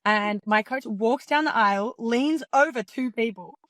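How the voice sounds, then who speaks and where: A woman's voice: on the high side, unhurried, a bit bright, no room sound. A young Australian woman, a pro basketball player, casually telling a story and filling her talk with "like". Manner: chatty, peppered with "like", acts out quotes. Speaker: professional basketball player guest.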